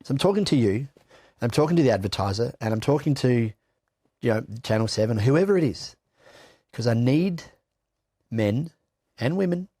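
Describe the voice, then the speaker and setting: A man's voice: medium pitch, animated, moderate pace, long pauses, warm tone, no room sound, clean studio sound. A middle-aged Australian man giving blunt, candid personal testimony in an interview, swearing freely and often restarting his sentences. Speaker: interview guest.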